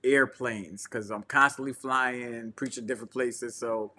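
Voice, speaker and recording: A man's voice: medium pitch, fairly even intonation, a little slow, bright, forceful tone. A man co-hosting a casual talk show from his couch, telling a travel story with slang and acting out the people in it. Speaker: podcast co-host and traveling preacher. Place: home couch.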